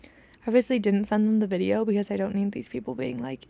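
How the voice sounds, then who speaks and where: Chatty young woman with vocal fry. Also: medium pitch, steady tone, quick pace, dark tone. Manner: chatty, swears freely, drops to a whisper when acting out scenes. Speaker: podcast host. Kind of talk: casual storytelling chat.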